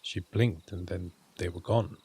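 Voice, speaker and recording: A man narrating a scripted horror story in a measured, grave, unhurried way. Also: deep voice, fairly even intonation, mellow, breathy edge.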